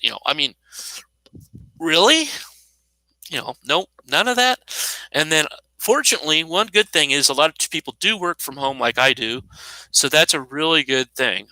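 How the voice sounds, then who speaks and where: A man's voice: fairly high pitch, a little fast, pushed and bright, no echo, low-quality recording. A man in his fifties giving an unscripted, indignant monologue, sarcastic and rambling, with frequent restarts. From United States. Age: 50s. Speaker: commentator.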